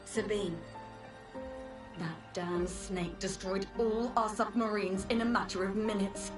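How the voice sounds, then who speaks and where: A woman's voice: mid-range voice, fairly even intonation, takes it slowly, over music, natural voice. An actress with an English accent playing an exasperated, stranded woman expedition leader who curses in French, in a video game. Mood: bitter, exasperated. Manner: bitter, cursing outbursts with French swears.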